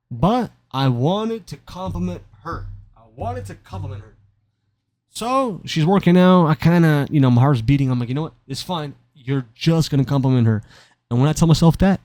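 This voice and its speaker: Young guy rambling thru a story, kinda high voice, stammers and laughs at himself, dry close sound. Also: mellow, no echo. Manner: rambling, stammering, self-mocking. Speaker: gaming commentator. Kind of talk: casual storytelling over gameplay.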